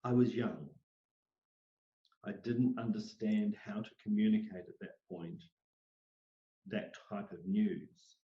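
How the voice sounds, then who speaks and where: A middle-aged man, an interview guest, telling personal stories in an animated way and acting out the voices he quotes. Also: fairly low pitch, takes it slowly, long pauses. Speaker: interview guest, psychic medium. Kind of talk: storytelling in a conversational interview. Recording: roomy, dull lo-fi sound.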